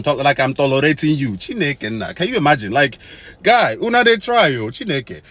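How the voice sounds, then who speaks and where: A man from Nigeria hosting a casual to-camera monologue, animated and swinging from loud exclamations to low muttered asides, mixing in Pidgin and Igbo phrases. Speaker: host.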